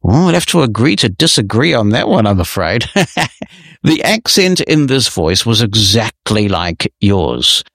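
A man hosting a podcast, reading listener emails and answering them in a measured, friendly, explanatory way. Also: fairly low pitch, big pitch swings, a bit bright, dry recording, clean studio sound. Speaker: podcast host.

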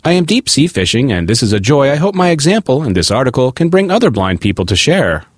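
A man reading a magazine article aloud with an expressive, lively delivery. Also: medium pitch, fast, no echo, studio quality. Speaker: article reader.

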